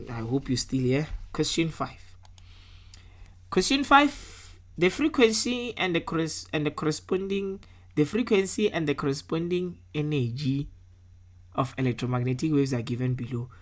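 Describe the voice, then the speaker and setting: A woman with a notably deep, low-pitched voice tutors a science class. She works through test answers one step at a time, pausing often to check that her listeners follow. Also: fairly bright tone.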